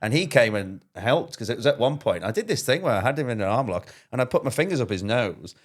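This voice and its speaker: An animated young man tells comic stories in a relaxed chat. His voice leaps high and low, and he often drops into brief impressions of the people in them. The tone is loose and conversational. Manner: animated anecdotes, quick put-on voices. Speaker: comedian guest. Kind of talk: casual comedy chat.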